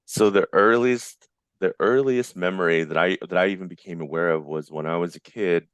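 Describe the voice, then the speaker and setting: An excitable man in his forties tells stories as a podcast guest, doubling back and restarting his thoughts as he goes. His voice sits very low, and the sound is close and dry, with no room around it. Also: moderate pace, clear, resonant tone, no echo, muffled recording. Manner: rambling, enthusiastic, many restarts. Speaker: guest, visual effects artist. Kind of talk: casual interview chat.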